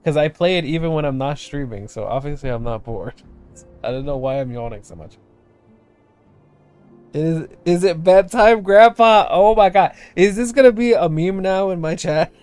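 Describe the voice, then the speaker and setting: A young man live-streaming a game, his voice sitting a little high. He talks bluntly and with open exasperation, cursing at the game and chatting with viewers. Soft game music plays faintly behind him. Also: animated, a little fast, clear, resonant tone. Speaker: VTuber streamer.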